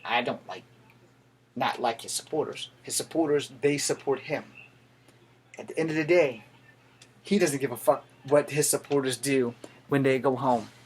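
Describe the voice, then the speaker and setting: A man's voice: medium pitch, moderate pace, pauses often, a little hiss or hum. A man in his thirties, a veteran, giving a blunt, profane and heated political rant to the camera. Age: 30s.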